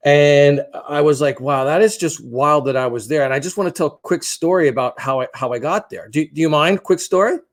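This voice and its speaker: A man in his fifties co-hosting a podcast, telling a long story in a rambling, profane, self-deprecating way. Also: on the high side. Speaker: podcast co-host.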